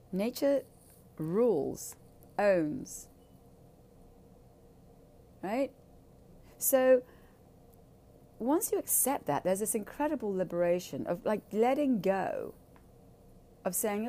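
A woman's voice: mid-range voice, sing-song, moderate pace, pauses often, dark tone. A woman speaking candidly in a blunt, profane and emphatic way. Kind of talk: candid casual talk.

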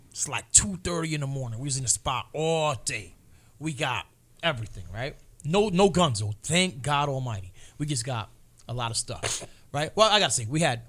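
A man in his forties telling a story in casual chat, acting out the people in it with loud, mocking voices. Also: medium pitch.

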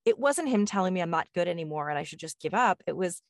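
A woman hosting a casual chat, telling a story in a lively way and acting out the dialogue she quotes. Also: fairly low pitch, quick pace, dry recording, studio quality.

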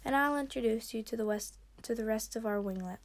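Woman reader as a chatty young girl dragon, high and quick, storybook reading. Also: vocal fry. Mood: excited. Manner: fast, eager questioning. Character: bubbly young female rainwing dragon, chatty. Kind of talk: fan fiction reading.

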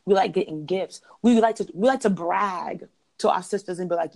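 A woman's voice: mid-range voice, sing-song, fast talker, vocal fry, darkish tone. A woman on a podcast, giving emphatic relationship advice in a casual, conversational way. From parents from Jamaica.

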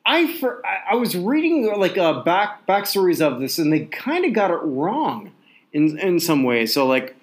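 In casual sports chat, a man co-hosting a podcast rambles and jokes with many restarts. He speaks at a moderate pace in a high-sitting, sing-song voice.

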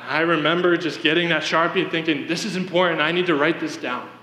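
Male preacher, high bright tone, earnest testimony, roomy church reverb. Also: fairly even intonation, quick pace. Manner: earnest storytelling, addresses congregation directly. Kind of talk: sermon. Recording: echoey hall reverb.

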